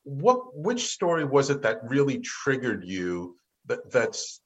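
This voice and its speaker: A man hosting a podcast interview, asking halting questions full of fillers. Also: medium pitch, wildly swooping pitch. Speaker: podcast host.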